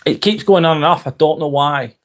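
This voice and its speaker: A man's voice: on the high side, fairly quick. A young man, chatting bluntly on a live stream, reading and answering viewer comments and swearing freely. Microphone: phone.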